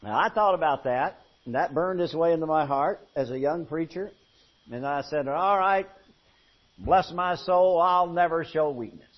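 A male pastor preaches in a folksy storytelling way, his voice sitting a little high for a man. He drops to a hush and then builds up loud. The recording sounds dull and muffled. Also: normal speed. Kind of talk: sermon.

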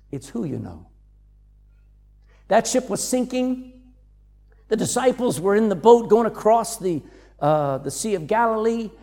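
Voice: medium pitch, creaky, mellow, breathy edge, big-room sound. A preacher giving a sermon, reading verses aloud and acting out the voices of the people quoted. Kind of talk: sermon teaching on scripture.

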